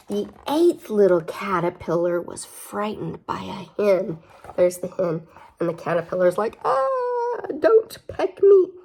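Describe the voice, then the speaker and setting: A woman's voice: fairly low pitch, vocal fry, a little mellow, husky. A young woman reading a picture book aloud to children, chatty, with playful asides and questions. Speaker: storybook reader.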